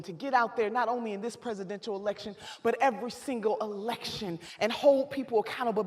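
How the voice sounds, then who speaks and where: A woman giving an impassioned political speech at a convention, with a fiery, preacher-like cadence and shouted repetitions. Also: on the high side. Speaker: convention speaker. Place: large convention hall. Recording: long hall reverb.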